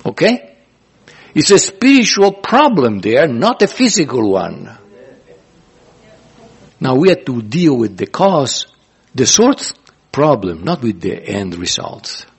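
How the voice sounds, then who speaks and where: Husky-voiced man preaching a sermon. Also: medium pitch, huge pitch swings. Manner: earnest, repetitive, pauses and restarts. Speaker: pastor. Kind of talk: sermon teaching.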